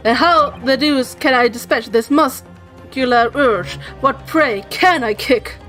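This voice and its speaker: A woman voicing a pompous, boastful male detective who speaks in a grand, slow, theatrical way. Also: sits high, fairly bright tone, faint music behind. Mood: blustering.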